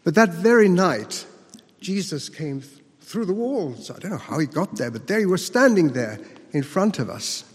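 A man performing a first-person monologue as a disciple recounting the crucifixion, speaking earnestly with emphatic dramatic pauses. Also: high voice, very animated, slightly rough, big-room sound, full character voice.

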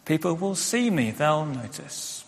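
A young man preaches in a frank, conversational way, owning up to his own faults as he goes. His slightly high voice swings widely in pitch. The sound carries a long reverb from the church hall. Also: very animated, unhurried, gravelly. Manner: candid, conversational preaching with self-deprecating asides. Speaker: pastor. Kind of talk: sermon.

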